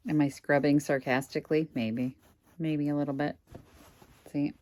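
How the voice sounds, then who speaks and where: A woman's voice: sits low, fairly even intonation, moderate pace, darkish tone, slight background noise. A woman reselling goods online, casually thinking aloud at home with wry asides to her viewers. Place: indoors at home.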